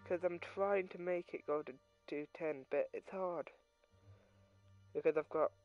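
A man chats his way through a gameplay video, drifting from one topic to the next in a loose, chatty ramble. His voice sits a little higher than most men's. Game music plays clearly underneath him as he talks into his own microphone. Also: measured pace, no echo, muffled recording. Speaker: gaming channel host. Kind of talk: casual gameplay commentary.

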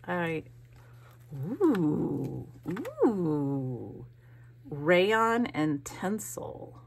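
A woman's voice: on the low side, gravelly, breathy edge. A woman craft vlogger opening mail, who gushes, gasps and thinks aloud as she goes. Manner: gushing, gasping, thinking aloud. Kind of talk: casual unboxing chat.

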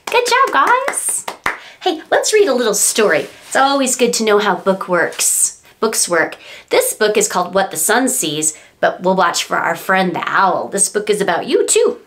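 A woman's voice: mid-range voice, very animated, normal speed, a bit bright, slight background noise. A woman librarian leading a story time for babies and toddlers, reading a picture book in a playful sing-song way. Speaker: children's librarian.

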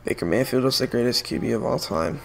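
A man's voice: medium pitch, quick pace, vocal fry. A young man streaming a video game, chatting casually and giving opinionated sports takes. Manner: opinionated, animated sports banter. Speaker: gaming streamer. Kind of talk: casual chat while playing a video game.

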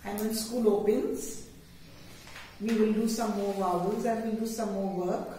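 A woman's voice: mid-range voice, steady tone, mellow. A woman with an Indian English accent teaching a kindergarten phonics lesson, dictating words one at a time and repeating them in careful lists. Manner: deliberate word-by-word dictation, repeating each word in lists. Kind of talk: slow, drilled phonics lesson. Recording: echoey room, distant mic, faint hiss.

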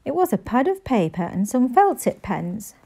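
A woman reading a children's story aloud in an expressive storybook manner. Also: a little high, gravelly, husky. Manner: slow, expressive storybook delivery.

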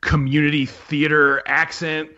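A man's voice: fairly high pitch, level tone, unhurried, sharp tone, muffled recording. A man on a podcast panel talking about films in casual chat, hesitant with many fillers and restarts. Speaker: podcast panelist, film writer.

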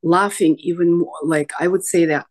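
A woman's voice: fairly low pitch, fairly even intonation, moderate pace. A woman talking through a painful memory as a session client, hesitant and searching for words. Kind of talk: emotional personal sharing.

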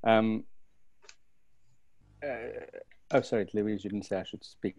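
A man's voice: fairly low pitch, fairly even intonation, slow pace, darkish tone, breathy edge, no room sound. Hesitant man on a webinar panel. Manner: hesitant, self-deprecating, many restarts and fillers. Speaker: panelist, facilitator of school workshops. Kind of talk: webinar discussion. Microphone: video call.

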